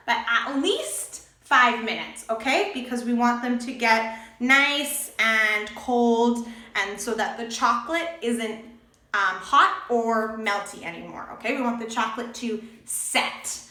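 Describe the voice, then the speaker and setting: A young woman with a high, bright voice leads a cheerful cooking demo for English learners, her pitch leaping up and down as she checks in with viewers. The sound bounces around an echoey room. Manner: bubbly, checks in with "okay?" often.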